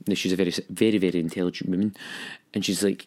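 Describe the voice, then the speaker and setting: Candid young man, lowish voice. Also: fairly even intonation, quick pace, a little mellow. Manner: candid, emotional, acts out quoted voices. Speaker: storyteller recounting his own experience. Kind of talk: personal storytelling.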